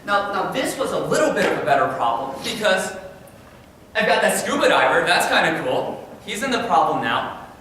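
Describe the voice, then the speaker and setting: A man with a high, bright voice gives a lively talk to a room full of teachers. He sounds energetic and often repeats himself when he starts a sentence. The sound comes from well back in a large, reverberant hall, with a faint hiss underneath. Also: normal speed. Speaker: high school science teacher presenting. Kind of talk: conference presentation. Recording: echoey hall from far off, faint noise.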